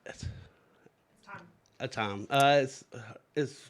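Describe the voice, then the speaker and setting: A man's voice: medium pitch, drawn-out words. A man co-hosting a podcast, joking and playful in casual game chat. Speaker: podcast co-host.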